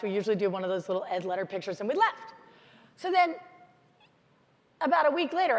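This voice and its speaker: A middle-aged American woman telling stories in a lively, chatty motivational conference talk. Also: mid-range voice. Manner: storytelling, animated, chatty with many "like"s. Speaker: keynote speaker. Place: large conference hall. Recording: hall reverb from a stage mic.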